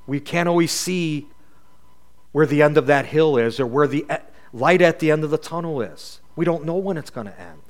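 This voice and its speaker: A man's voice: a little high, lively intonation, normal speed. A man teaching from scripture in a sermon, reading verses aloud and asking reflective, rhetorical questions. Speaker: Bible teacher.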